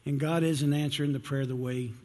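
A man's voice: medium pitch, steady tone, a little fast, warm tone, long reverb tail. A man pastor praying and then opening a sermon, earnest and emotional, often repeating himself and restarting. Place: church sanctuary.

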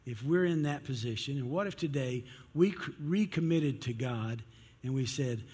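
A man's voice: mid-range voice, expressive, normal speed, darkish tone, slightly rough, in a large hall. A man preaching a sermon in church, telling a story and acting out its characters. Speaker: pastor.

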